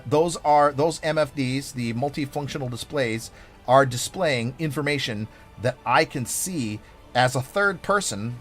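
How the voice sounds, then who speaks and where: A man streaming a game, chatting casually in a rambling, playful, over-the-top way full of fillers. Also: medium pitch. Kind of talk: casual live-stream chat.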